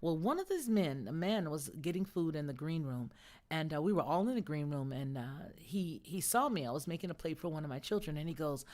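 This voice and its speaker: Low-voiced woman hosting a live chat. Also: expressive, brisk, darkish tone. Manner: conversational, emphatic, answers viewer comments. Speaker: host. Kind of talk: casual live-stream chat.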